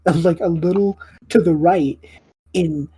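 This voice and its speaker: A woman's voice: on the low side, unhurried, dark tone, breathy edge, poor audio. A woman narrating a tabletop game as game master, rambling with fillers and laughing often.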